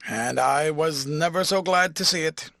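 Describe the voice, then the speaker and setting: A man's voice: a little high, unhurried, gravelly, sharp tone, no echo, clean studio sound, heavily acted. A man doing a grumbling coach driver. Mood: grudging. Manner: grudging, blunt, rustic speech. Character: grumbling working-class male coach driver.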